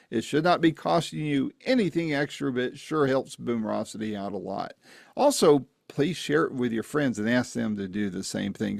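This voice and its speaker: A man's voice: medium pitch, gravelly, no room sound, studio quality. A man hosting an interview podcast, talking in a friendly, folksy and chatty way. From Southern United States. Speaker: host.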